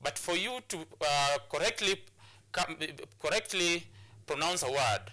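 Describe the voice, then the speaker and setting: Kenyan guy teaching on tv, very bright voice, lots of uh and repeats. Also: fairly high pitch, animated, a little slow. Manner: repetitive, hesitant with many fillers. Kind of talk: televised classroom lesson.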